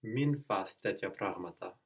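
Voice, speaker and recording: Man, student, low voice, short tentative answers, self-correcting. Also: moderate pace, creaky, slightly rough. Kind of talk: answering in a language lesson.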